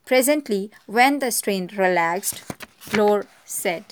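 A woman narrating an audiobook in a measured, even way. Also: medium pitch, clear, resonant tone, dry recording.

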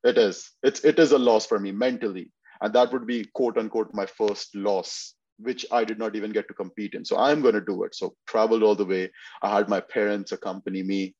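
A man's voice: on the low side, steady tone, fairly quick, darkish tone, breathy edge, dry recording, highs cut off. A man guest on a podcast, chatting casually and telling long stories with restarts. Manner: storytelling, lots of restarts and fillers. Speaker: bodybuilder guest.

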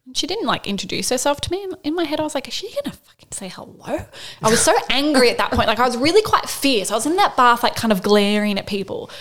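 A woman's voice: a little high, sing-song, fast talker, few pauses, fairly bright tone. A woman in her thirties, a podcast co-host, candidly telling her birth story in casual chat and quoting herself with bursts of emotion.

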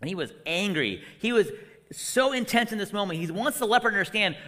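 A man preaches with a high, bright voice that swings wildly up and down. His delivery is animated, leaping from hushed whispers to loud bursts as he acts out quotes, and the sound rings with the long reverb of a large hall. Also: fairly quick. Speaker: guest preacher. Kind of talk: sermon.

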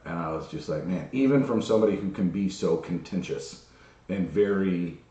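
A man candidly telling a personal story in casual podcast chat, animated and full of restarts. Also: deep voice, moderate pace, echoey room, recorded from a distance, low-quality recording. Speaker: podcast co-host.

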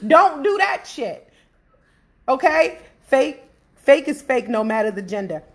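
Brief: woman podcast host, high voice, animated, playful banter. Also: a little slow. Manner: animated, laughing, talking to listeners. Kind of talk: casual chat.

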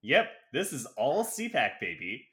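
A man's voice: mid-range voice, wildly swooping pitch, unhurried, bright, forceful tone. A man co-hosting a podcast, reading news items aloud with sarcastic, wry asides in a casual chat. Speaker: podcast co-host.

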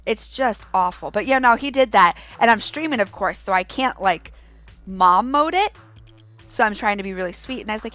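A woman's voice: medium pitch, normal speed. Woman co-host, thirties, laughs a lot telling stories, bit of music under it. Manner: animated storytelling with laughs. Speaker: podcast co-host and streamer. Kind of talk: casual chat.

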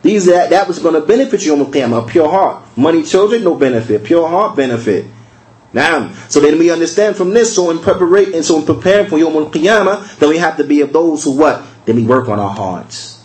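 A man's voice: fairly high pitch, animated, darkish tone, low-quality recording. Man teaching a conversational religious lesson. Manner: conversational, repeats key phrases, asks rhetorical questions; slows down to spell out recited verses.

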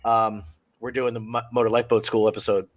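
A man's voice: fairly low pitch, little pitch movement, a little fast. A man co-hosting a podcast in casual, profane chat, rambling and trailing off mid-thought. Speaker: podcast co-host.

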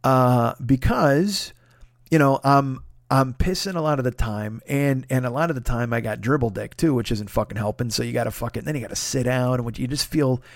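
A man's voice: medium pitch, fairly quick, no room sound, clean studio sound. A man hosting a podcast, telling a rambling, profane, confessional story in a casual monologue. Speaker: podcast host.

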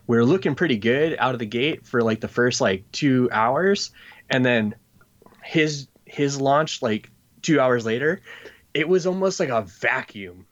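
A man's voice: medium pitch, animated, measured pace. A man chatting casually on a podcast, telling a rambling story full of fillers and acting out other people's voices. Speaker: comic book creator. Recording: slightly dull lo-fi audio.

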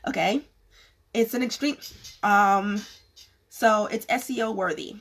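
In a casual talk to camera, a Californian woman losing her voice gives frank business advice in a medium-pitched, fairly bright tone. She speaks a little slowly, with long pauses, rambling and restarting many times.

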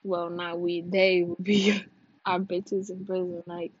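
A young woman from California talks loosely through a solo gossip podcast, high and drowsy, cursing as she rambles. Her voice jumps from loud to a low mumble. The recording is dry and a little dull. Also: level tone, slow, breathy edge, dry recording. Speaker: podcast host. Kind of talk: casual gossip podcast monologue.

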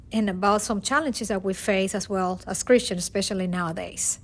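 A woman teacher speaking as a guest on a devotional video, thankful and measured. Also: medium pitch, fairly even intonation.

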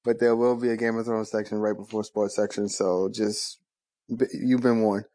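A man's voice: fairly low pitch, flat delivery, normal speed, dark tone. A man co-hosting a podcast, chatting in a loose, laid-back way and laughing often. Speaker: podcast co-host. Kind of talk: casual chat.

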